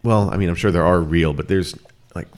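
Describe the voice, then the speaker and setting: A man's voice: low-pitched, a little fast. A man in his thirties hosting a casual podcast chat, rambling with frequent restarts and easy laughter. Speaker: podcast host.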